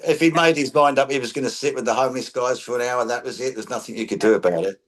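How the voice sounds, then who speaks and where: A man's voice: medium pitch, fast. A man reminiscing in casual chat, a blunt storyteller who swears casually. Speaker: guest, friend of the late medium.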